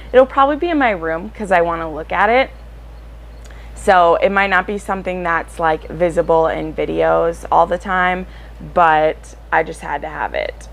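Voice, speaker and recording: Chatty woman book vlogger, lowish voice. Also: creaky, low-quality recording. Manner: chatty and excitable, with frequent fillers. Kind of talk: casual chat to camera.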